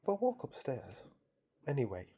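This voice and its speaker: A man's voice: medium pitch, wildly swooping pitch, moderate pace, dark tone, husky. A man casually recounting a dream to his viewers, amused and rambling, with frequent restarts. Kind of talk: casual storytelling.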